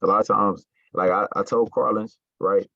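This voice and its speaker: A man's voice: lowish voice, steady tone, normal speed, creaky, no room sound, lo-fi sound. A man coaching his sales team in casual talk, stressing words and often checking in with "right?" and "you got me?".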